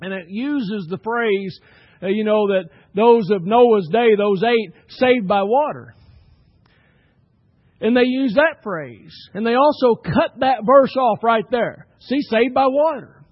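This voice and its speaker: A man preaching a sermon as pastor, swinging between loud emphatic bursts and quiet asides. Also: high-pitched, takes it slowly, slightly rough, no room sound, highs cut off.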